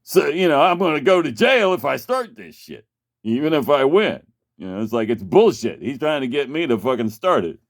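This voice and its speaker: A man's voice: mid-range voice, very animated, moderate pace. A man casually telling a long personal story, rambling and profane, with many restarts. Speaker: vlogger.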